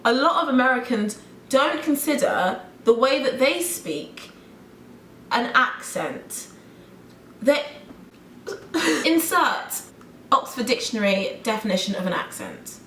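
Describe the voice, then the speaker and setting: A young British woman from the UK vlogging, talking fast with an animated, exasperated tone. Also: fairly high pitch. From United Kingdom. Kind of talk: ranting vlog. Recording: roomy room echo.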